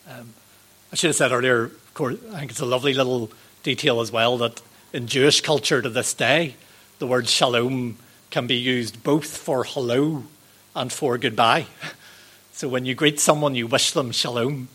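A man, giving a sermon in a gentle, conversational way, with ums and rhetorical questions. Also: medium pitch, steady tone, normal speed, husky. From Northern Ireland. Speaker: preacher.

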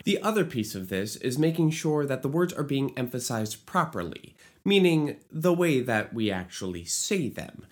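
Lively, playful musical theater teacher. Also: medium pitch. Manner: sings short lyric examples to demonstrate; playful asides, jokes about own bad accent. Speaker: musical theater writer teaching lyric writing. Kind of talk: educational video explainer.

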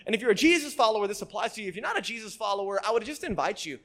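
A male pastor giving a conversational sermon, often repeating words as he restarts and checking in with the congregation with a quick "right?". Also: high voice, animated, pushed and bright. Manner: frequent word repeats and restarts.

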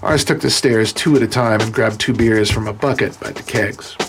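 A man narrating an audiobook in a steady, measured way. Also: lowish voice. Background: music.

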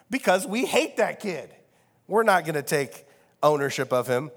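Brief: male pastor, slightly high voice, wry chatty sermon, long hall echo. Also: sing-song, normal speed, a bit bright. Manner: casual and wry, with many fillers. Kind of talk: conversational sermon. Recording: long reverb of a large hall.

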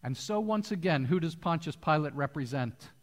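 A man preaching a sermon to a church congregation, telling stories with lively, animated delivery. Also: on the high side, moderate pace. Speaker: pastor. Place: church hall. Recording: long hall reverb.

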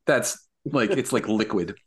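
A man's voice: lowish voice, unhurried. A man co-hosting a podcast in casual chat, swearing often and laughing a lot. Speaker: podcast co-host.

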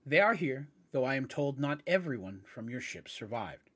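A man doing a deep-voiced gentle minotaur. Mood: soothing. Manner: calm, soothing, slow. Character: gentle young male minotaur, deep and kind.

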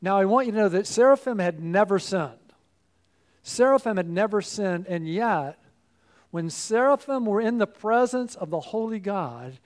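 A man with a high-pitched voice delivers a sermon. He is emphatic, rising to loud exclamations and then dropping to hushed asides as he preaches.

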